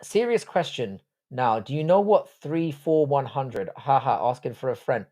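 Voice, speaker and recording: Expressive and dark-toned, this mid-range male voice moves at a moderate pace. He's a livestream host in his forties, trading blunt, profane, joking banter with viewers in the chat.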